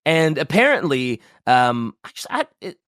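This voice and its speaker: A man's voice: fairly high pitch, unhurried, no echo, clean studio sound. A man hosting a casual chat who talks in a rambling way, full of fillers. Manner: animated, rambling, with many fillers. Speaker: podcast host.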